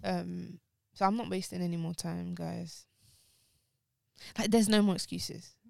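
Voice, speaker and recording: A woman's voice: fairly low pitch, fairly even intonation, measured pace, creaky, mellow, no room sound. A woman co-hosting a casual podcast chat, speaking openly and emotionally while grieving, her voice close to tears. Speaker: podcast co-host.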